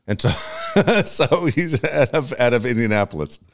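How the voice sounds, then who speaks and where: A man co-hosting a casual radio podcast, telling stories in a profane, animated way. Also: medium pitch, unhurried. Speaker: co-host.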